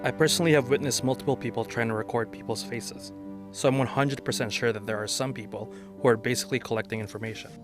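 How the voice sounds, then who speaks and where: A man's voice: medium pitch, fairly even intonation, quick pace. Guy telling what happened plain and direct, music playing under. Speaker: interviewee. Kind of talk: interview answers.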